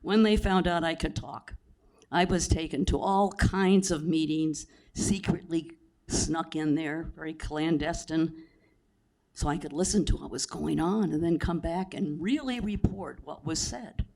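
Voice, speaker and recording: A man's voice: fairly high pitch, creaky, darkish tone. A man doing a laid-back old talking dog. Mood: contented. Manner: slow contented storytelling.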